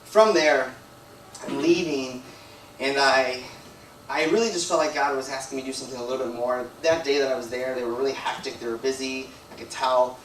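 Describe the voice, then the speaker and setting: A man's voice: medium pitch, steady tone, brisk, slight background noise. A man giving a sermon as a guest preacher, telling a personal story in a rambling, conversational way full of "like" and "you know". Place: church hall. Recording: echoey room, from a distance.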